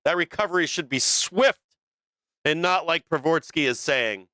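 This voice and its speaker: Brash swearing guy calling trades on a live stream, bright forceful voice, bit high. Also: lively intonation, moderate pace, smooth, dry recording. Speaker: stock market livestream host. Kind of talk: profane live trading commentary.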